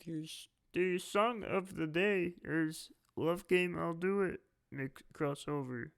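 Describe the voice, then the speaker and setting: A man putting on a hammy high DJ announcer. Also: vocal fry, a bit bright, full character voice. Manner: slow, exaggerated announcing.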